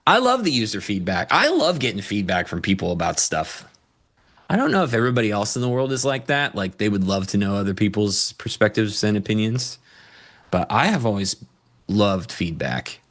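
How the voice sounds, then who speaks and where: A man's voice: lowish voice, big pitch swings, normal speed, a bit bright. A man co-hosting a live trading stream in casual banter, joking and playful, fond of dad jokes. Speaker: co-host and futures trader.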